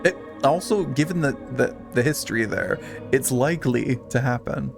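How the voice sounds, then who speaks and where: A male streamer chats playfully and reads game text aloud in a gravelly voice. His pitch is middling. Soft music plays faintly underneath. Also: moderate pace. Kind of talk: casual game livestream chat.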